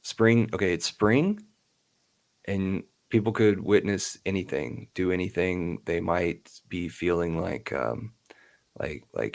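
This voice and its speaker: A man's voice: sits low, takes it slowly, vocal fry. A man hosting a casual live chat, rambling and often interrupting himself. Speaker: podcast host.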